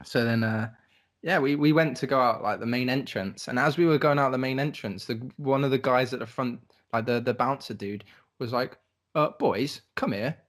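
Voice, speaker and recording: A man's voice: medium pitch, fairly quick. A young man, rambling and laughing his way through a casual podcast story, full of fillers and swearing. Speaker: podcast co-host telling a travel story.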